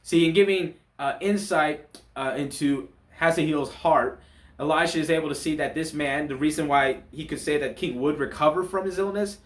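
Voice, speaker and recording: A man giving a relaxed, conversational talk on a Bible chapter, often restarting his sentences as he explains the story. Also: a little high, normal speed, echoey room. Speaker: church Bible study teacher. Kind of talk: casual Bible chapter commentary.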